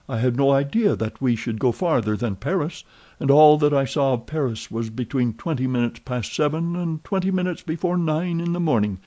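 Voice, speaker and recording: A man voicing an excitable, talkative young French manservant in an audiobook, eager and full of exclamations. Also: medium pitch, pitched above the performer's own voice, lightly acted.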